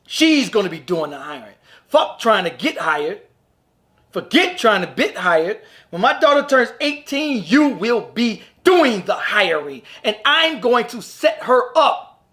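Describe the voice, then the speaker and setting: High-voiced man on a profane rant. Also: pushed and bright. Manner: blunt, profane, heated and exasperated. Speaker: father. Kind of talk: ranting monologue to camera.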